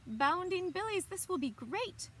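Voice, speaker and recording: Woman reader doing a jolly, exclaiming old goat herder; bright and lively, storybook. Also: very high voice, a little slow, a little hiss or hum, pitched above the performer's own voice, full character voice. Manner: hearty, exclaiming.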